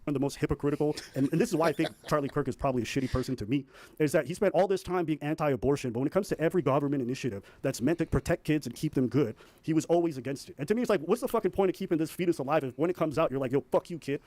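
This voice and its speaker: A man's voice: a little high, racing, warm tone, dry recording. A man in a heated casual debate, arguing insistently in a pointed, profane way.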